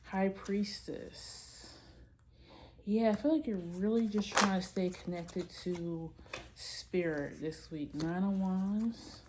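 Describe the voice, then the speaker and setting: A woman's voice: mid-range voice, fairly even intonation, slow pace, background noise. A woman giving a casual tarot reading, chatty and musing as she talks straight to her viewers. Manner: chatty, loose and musing, addresses viewers directly. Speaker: tarot reader.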